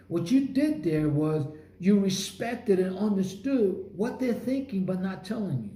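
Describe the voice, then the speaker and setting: A man's voice: high-pitched, animated, unhurried, warm tone. Emphatic man coaching salespeople, roomy sound. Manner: emphatic and punchy, short repeated phrases. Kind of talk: motivational sales training talk. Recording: roomy echo.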